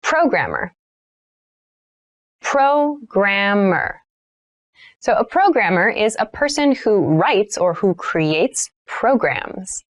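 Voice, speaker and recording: A woman teaching English vocabulary, repeating each word and example sentence three times and explaining them in simple, patient terms. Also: fairly high pitch. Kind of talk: vocabulary lesson, repeating words slowly.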